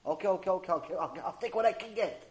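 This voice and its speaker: A man's voice: high voice, expressive, rapid-fire. A man voicing a frightened, desperate man who pleads anxiously for help. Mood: pleading.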